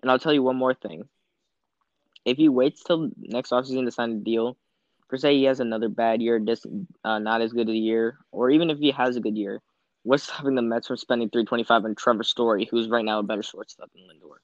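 A man's voice: medium pitch, fairly even intonation, fairly quick, no echo, dull audio. A man giving confident, opinionated takes on baseball in casual chat.

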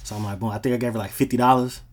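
A man's voice: mid-range voice, fairly even intonation, rapid-fire. A man, telling stories from his life in a laid-back, slangy podcast style. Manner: laid-back slangy storytelling, frequent "you know what I'm saying". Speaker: podcast host. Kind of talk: casual storytelling.

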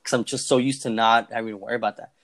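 Young male podcast co-host, rapid casual storyteller, profane, mimics others. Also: mid-range voice, fairly even intonation, a bit bright. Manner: fast, profane, acts out quoted voices.

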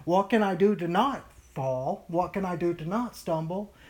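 An informal Bible study leader at a middle, everyday pitch, talking casually to a small group. The delivery is animated and rambling, full of fillers and restarts, and often slips into whiny put-on voices to make a point. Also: normal speed.

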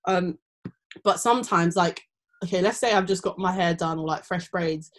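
Young woman, chatty and animated, jumps into high voices when quoting folks. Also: normal speed. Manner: animated storytelling, acting out quoted people in high voices. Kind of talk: casual chat.

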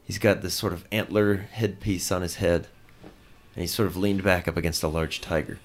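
A man narrating a tabletop role-playing game as game master, describing scenes in a relaxed storytelling way. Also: sits low, normal speed, a little hiss or hum.

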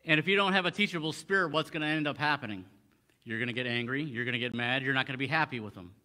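Bright-voiced man preaching on scripture. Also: medium pitch, racing. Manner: conversational, many restarts, quoting scripture in old English. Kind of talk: expository Bible teaching.

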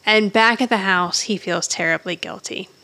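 A woman's voice: mid-range voice, moderate pace, bright, forceful tone. A woman in a casual chat, animatedly retelling a story and quoting people, laughing often. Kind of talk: casual chat recapping a TV episode.

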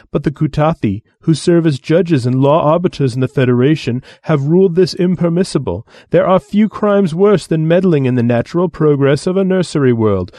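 A man putting on a haughty alien envoy for an audiobook story. He lectures in a raised, pompous voice, mellow and dry. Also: on the high side, no room sound, voice pushed up, lightly acted. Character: haughty male alien envoy, condescending and disdainful.

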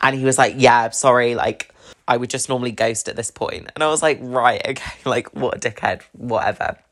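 A woman's voice: rumbling low, steady tone, a little fast. A young British woman hosting a podcast, telling a dating story in a chatty, swear-filled way with lots of fillers and laughs. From England. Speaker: podcast host. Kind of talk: casual storytelling about dating.

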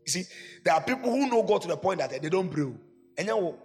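A man with a Ghanaian accent preaching a sermon, swinging between loud shouts and low asides. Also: very animated, fast talker, pauses often, long reverb tail, faint music behind. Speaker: pastor.

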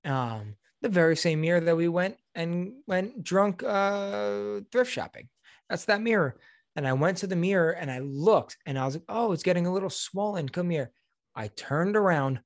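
Here a young podcast co-host speaks at normal speed in a high register with vocal fry, recorded in clean studio quality with no echo. His storytelling is animated and profane, and he performs the quoted lines himself.

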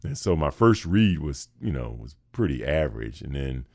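A man with a deep voice telling stories as a guest in a casual chat, animated and prone to slipping into voices. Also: normal speed, no echo, studio quality. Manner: animated storyteller, slips into voices.

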